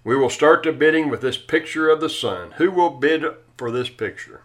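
A man's voice: fairly high pitch, lively intonation, moderate pace, voice pushed up, close to an everyday voice. A man reading as a patient auctioneer. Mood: calling bids. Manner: patient, repeating calls for bids. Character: steady male auctioneer at an estate sale.

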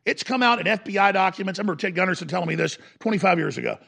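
A male broadcast host ranting hard in a raised, gravelly voice. His tone is tense and forceful, and he lurches from shouting to low growls. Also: rapid-fire. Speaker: talk radio host. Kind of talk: impassioned broadcast monologue.

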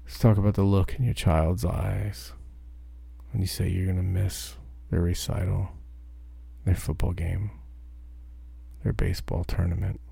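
Deep gravelly man ranting. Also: little pitch movement, measured pace, pauses often, mellow. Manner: profane, ranting. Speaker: truck driver. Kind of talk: podcast monologue.

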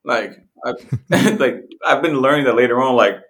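A young man co-hosting a podcast, joking crudely, swearing and laughing easily. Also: mid-range voice. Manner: animated, swearing, quick to laugh. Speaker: podcast co-host. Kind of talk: crude casual banter.

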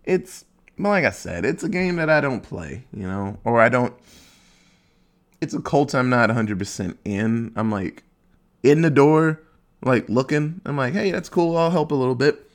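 Young podcast dude ranting, swears a lot, rambles, mid pitch voice, pokes fun at himself. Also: male voice, lively intonation. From Ohio, USA. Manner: rambling, profane, self-mocking, acts out quick silly voices. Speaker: podcast host. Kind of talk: casual solo podcast rant.

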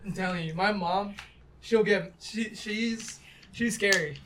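A young man guesting on a podcast, griping in a lively way among friends. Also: high-pitched, unhurried, recorded from a distance. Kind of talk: casual chat. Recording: noisy background.

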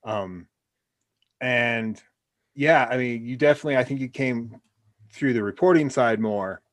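A man hosting a casual interview, speaking in an easygoing, halting way. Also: medium pitch. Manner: easygoing, halting, with many restarts. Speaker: podcast host.

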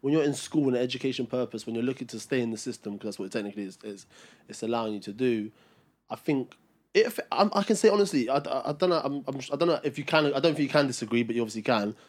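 Halting young man debating. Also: mid-range voice, expressive. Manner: hesitant, many restarts. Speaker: podcast co-host. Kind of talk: casual debate.

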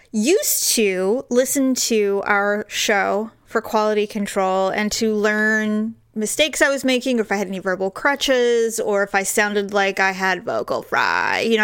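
A woman co-hosting a comedy podcast, telling stories in a frank, animated way with frequent laughter. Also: mid-range voice, a little slow, smooth, no echo, studio quality. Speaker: podcast co-host. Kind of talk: casual comedic chat.

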